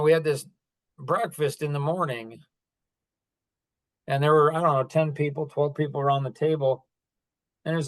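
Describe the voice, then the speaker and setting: A man's voice: fairly high pitch, fairly bright tone. A middle-aged man hosting a podcast, telling a personal story in a rambling, conversational way, earnest and a little apologetic. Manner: rambling, conversational, with many restarts and asides. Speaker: podcast host. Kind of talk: casual storytelling monologue.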